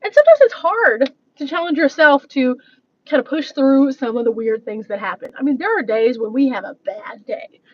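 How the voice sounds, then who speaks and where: A woman's voice: sits high, lively intonation, moderate pace, lo-fi sound. A woman vlogger talking casually on a live stream, rambling and laughing often as she reads out viewer comments. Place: coffee shop.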